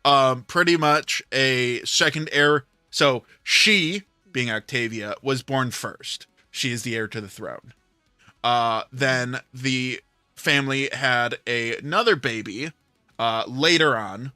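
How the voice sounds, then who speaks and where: A man's voice: mid-range voice, takes it slowly, bright, forceful tone, clear, resonant tone, dry recording, soft background music. A man hosting a livestream, telling a rambling story in casual chat with plenty of filler words. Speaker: livestream host.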